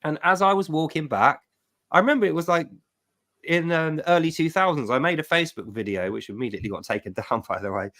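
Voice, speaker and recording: A man's voice: fairly high pitch, fast talker, a bit bright. Middle-aged man telling an emphatic story. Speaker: livestream host. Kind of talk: personal testimony storytelling.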